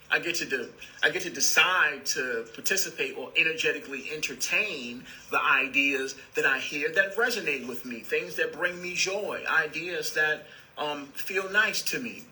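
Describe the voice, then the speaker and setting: A man gives a spiritual talk in a very bright, sharp-edged voice that sits a bit high. He is calm and repetitive, and he calls his listeners "beloved" as he teaches. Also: moderate pace, rough recording.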